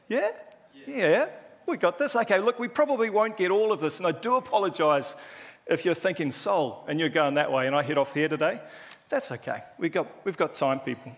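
Kiwi guy preaching, chatty and jokey, bit higher voice, echoey church hall. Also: lively intonation, moderate pace. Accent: New Zealand. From New Zealand. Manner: chatty, joking, self-deprecating. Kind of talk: casual sermon.

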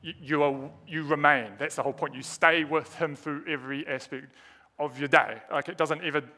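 A man's voice: on the high side, fairly even intonation, moderate pace, pushed and bright. A man preaching a sermon, earnest and emphatic, asking rhetorical questions and repeating key words.

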